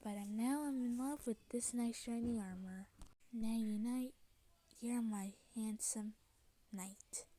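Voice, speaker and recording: A woman voicing a kind, soft-hearted young female mermaid who drawls and says y'all, in a fan voice-acting story. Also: on the high side, slow pace. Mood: grateful, loving.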